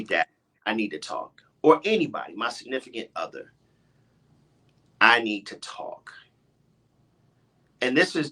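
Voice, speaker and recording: A middle-aged man hosts a radio talk show with a husky, bright edge to his voice. His pitch swings widely as he presses his point. He often stops himself and starts again. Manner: animated, emphatic, often interrupting himself. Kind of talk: heated casual debate.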